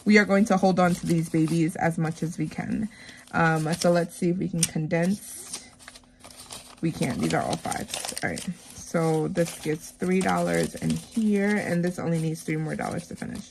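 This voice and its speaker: A woman talks casually to her viewers while she counts bills into savings envelopes. She is a teacher, and she retells her week in a chatty, animated way. Her speech is full of "like" and "um" fillers. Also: low voice, moderate pace, vocal fry, a little hiss or hum. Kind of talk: casual chat while stuffing cash envelopes.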